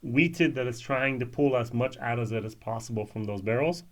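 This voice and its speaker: A man's voice: mid-range voice, moderate pace. A man reviewing whisky in a casual, musing way, with frequent ums and restarts.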